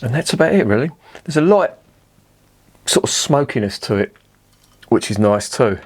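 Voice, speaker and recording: A man's voice: medium pitch, expressive, normal speed, husky. Blunt man reviewing beer. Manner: chatty, blunt, swears casually. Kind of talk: casual video review.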